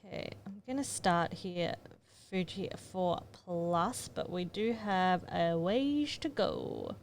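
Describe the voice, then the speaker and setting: A woman's voice: mid-range voice, huge pitch swings, slow, hardly any pauses, slight background noise. A woman photographer casually narrating her editing steps, chatty and thinking aloud as she works. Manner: chatty, muttering to herself while working. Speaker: photographer giving an editing tutorial.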